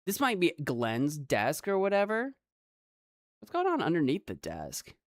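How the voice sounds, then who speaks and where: An American woman streaming a video game, rambling in an animated, giggly way. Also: low voice, measured pace, dry recording, studio quality. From United States. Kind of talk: casual let's play commentary.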